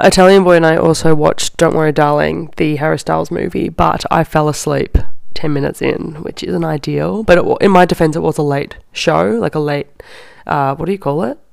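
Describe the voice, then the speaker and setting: Young aussie woman podcasting, chatty storytime, lots of "like", kinda gravelly, super dry close sound. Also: sits low, no echo. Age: young adult. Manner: chatty, heavy use of "like". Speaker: podcast host. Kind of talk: casual storytelling.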